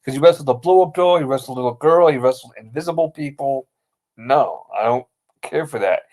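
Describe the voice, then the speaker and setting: A man's voice: mid-range voice, fairly quick, a little mellow. A man co-hosting a casual wrestling recap podcast, blunt and opinionated, calling his partner bro. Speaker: podcast co-host.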